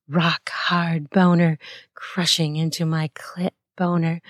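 Slow, breathy woman narrating erotica. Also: fairly low pitch, fairly even intonation, no echo, studio quality. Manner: unhurried, breathy and playful, with soft laughs and gasps. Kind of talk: intimate first-person erotic narration.

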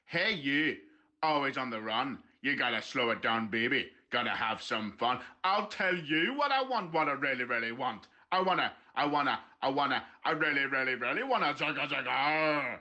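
A man's voice: mid-range voice, normal speed, bright, forceful tone. Put-on Irish pop singer, by a man; drawled, sing-song, lo-fi message. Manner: half-sung, drawled lines. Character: female pop star singing in Irish accent.

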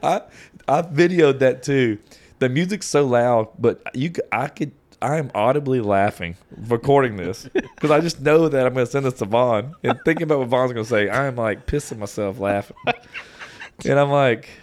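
A man around forty, co-hosting a podcast in loose, casual chat. He tells stories with animated energy and keeps breaking into laughter. His voice sits at an everyday pitch. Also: moderate pace. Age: 40s. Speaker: podcast co-host.

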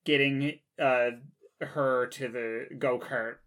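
A woman's voice: rumbling low, fairly even intonation, takes it slowly. A woman co-hosting a podcast, talking casually with lots of fillers and bursts of laughter. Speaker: podcast co-host. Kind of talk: casual chat.

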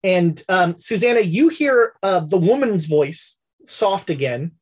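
A woman running a tabletop game as game master, narrating in a loose, halting way. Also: lowish voice, animated, a little mellow, husky.

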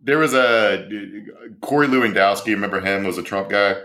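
A man with a fairly low voice chats through the news in a loose, sardonic way, often chuckling at his own jokes. He sounds like a podcast co-host riffing with a friend. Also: a little fast, sharp tone. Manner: wry, sardonic, laughs at his own points. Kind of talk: casual political commentary.

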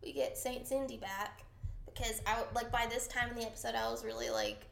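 Chatty woman with a gravelly edge. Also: on the high side, big pitch swings, fairly quick, fairly bright tone, echoey room. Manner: chatty, swears freely, frequent "like". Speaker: podcast co-host. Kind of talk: casual chat.

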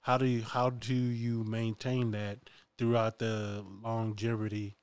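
A man's voice: fairly low pitch, completely flat delivery, measured pace, clear, resonant tone, dry recording. A man hosting a casual podcast, asking easygoing questions and chiming in with short agreement. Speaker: podcast host.

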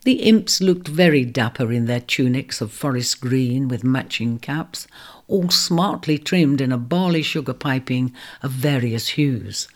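A storyteller reading a children's fantasy tale in an expressive narration. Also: medium pitch.

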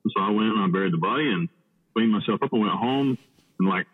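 A man from the United States telling a story in blunt, profane talk, halting with many restarts. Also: fairly low pitch, breathy edge. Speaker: podcast guest. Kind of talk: casual storytelling. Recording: tinny phone-like line with long reverb.

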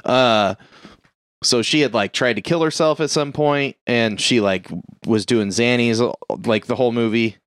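A man rambling through a movie plot in loose, profane chat, filling his sentences with "like" and "uh". His voice is smooth and resonant and sits at a middle pitch. The sound is dry and close, with no room echo. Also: a little slow, a bit bright. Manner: rambling, profane, lots of "like" and "uh", acts out characters' lines. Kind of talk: casual movie recap chat.

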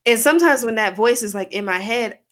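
Brisk and on the higher side, her voice carries casual podcast chat as a co-host. She rambles candidly, curses freely, and leans hard on the word "like."

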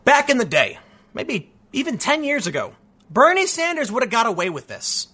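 A man giving an animated, sarcastic political commentary, talking casually and sounding a bit stuffy from allergies. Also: very high-pitched, moderate pace, slightly rough. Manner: animated and sarcastic, with frequent mocking voices. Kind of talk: casual opinion monologue.

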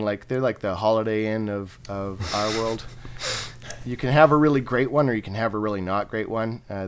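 A man's voice: on the low side, smooth. A man narrating a tabletop game as game master, loose and chatty with frequent laughs.

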